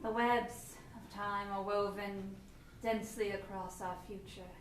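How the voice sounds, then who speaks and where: A woman playing a trance-like female seer who speaks cryptically and slowly in a live stage improv scene. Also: mid-range voice, steady tone, a little hiss or hum, natural voice. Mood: dreamy. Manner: slow, dreamy, prophetic. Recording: echoey theatre, far from mic.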